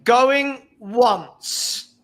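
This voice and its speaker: A man runs a charity livestream auction with a very high voice. He calls the bids slowly and deliberately and jokes with the chat. He laughs often between the numbers. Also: fairly bright tone. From England. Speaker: charity stream host running an auction.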